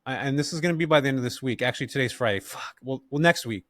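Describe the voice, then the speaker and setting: A middle-aged man from California, a podcast guest who tells stories in a relaxed, slangy way and laughs often. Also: mid-range voice, racing, dry recording. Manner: laid-back, slangy, animated, laughs often. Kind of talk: casual interview storytelling.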